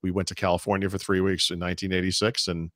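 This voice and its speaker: A man's voice: low-pitched, level tone, fast, a bit bright, no room sound, clean studio sound. A middle-aged man co-hosting a podcast, chatting casually and rambling through long asides with many restarts. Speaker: podcast co-host. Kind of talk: casual chat.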